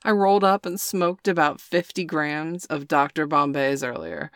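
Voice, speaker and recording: A brash, dominant party woman, stoned and sweaty, as a woman narrator puts her on. She talks crude, teasing and laid-back in a low, dark voice. The recording is close and dry. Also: animated, normal speed, no echo. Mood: playful.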